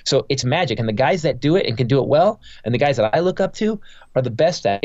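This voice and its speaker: A man's voice: a little high, animated, fast, darkish tone, dry recording. Heated, profane man telling a story. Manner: profane, heated, rambling with many restarts. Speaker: guest comedian. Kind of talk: casual podcast interview storytelling. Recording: dull, dry podcast audio.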